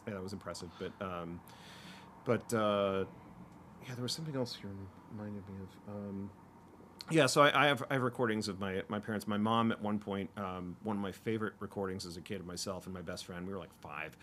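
A man in his fifties with a very low voice, chatting casually and rambling through childhood stories with plenty of fillers and restarts. Faint ambience sits under his voice. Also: brisk, fairly bright tone, a little hiss or hum. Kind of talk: casual chat.

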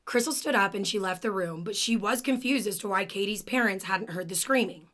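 A woman's voice: mid-range voice, a little fast, fairly bright tone. A young woman recounts a true crime case on a podcast in a loose, conversational way. Her speech is full of "like," the odd swear word and open emotion about the story.

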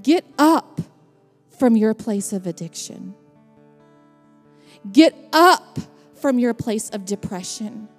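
A woman's voice: on the high side, animated, takes it slowly, long pauses, in a large hall, soft background music. A middle-aged woman preaching a sermon, calling out to her congregation with rising passion. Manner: impassioned, calls out to the congregation. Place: church sanctuary.

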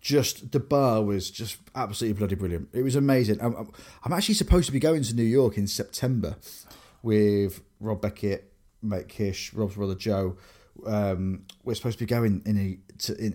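English man, podcast co-host, casual chat, low voice, animated storytelling. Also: normal speed. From England. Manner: animated storyteller, lots of fillers and restarts.

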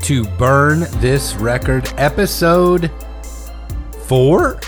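A man's voice: medium pitch, expressive, extremely slow, faint music behind. A young man co-hosting a casual podcast chat, joking and rambling, often breaking into laughter. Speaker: podcast co-host.

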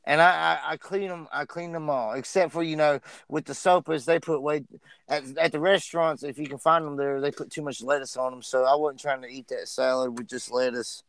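A man's voice: fairly high pitch, fairly even intonation, a little fast, a bit bright, dry recording. A young man from North Carolina, co-hosting a podcast in loose, profane, joking casual chat. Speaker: podcast co-host.

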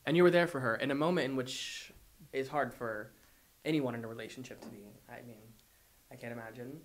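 Man, host, mid-pitched, empathetic, affirming. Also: brisk. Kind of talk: interview talk.

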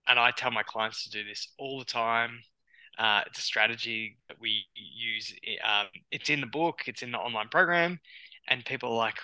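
Bright-voiced Australian man, animated and chatty. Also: medium pitch, moderate pace, no echo, rough recording. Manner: animated, acts out clients' inner voices, many restarts. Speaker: psychologist guest. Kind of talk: conversational podcast interview.

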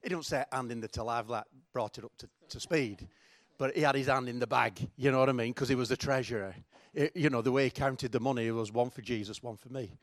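A man's voice: mid-range voice, a little fast. A middle-aged man preaching a sermon in a chatty, joking, self-mocking way. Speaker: pastor.

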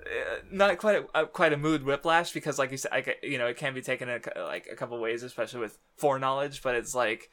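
Male co-host, bright and forceful, loose rambling delivery packed with fillers and chuckles. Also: medium pitch, fast talker, few pauses. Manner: rambling, filler-heavy, laughs often, swears. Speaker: podcast co-host. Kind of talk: casual chat about manga.

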